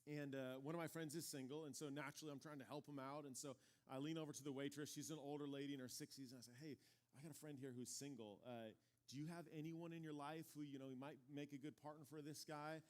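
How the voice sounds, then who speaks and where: A man preaching a relaxed, conversational sermon to his church. His voice sits a little high for a man, and he tells stories with animated energy, playing out the quoted voices as he goes. He sounds like a pastor in his forties speaking in a church sanctuary. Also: quick pace.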